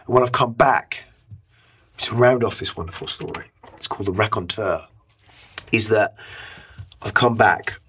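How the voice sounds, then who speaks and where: A man's voice: lowish voice, measured pace, long pauses, pushed and bright, husky. A middle-aged man, a podcast guest, telling an emotional story in a rambling way, with many restarts and casual swearing. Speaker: interview guest.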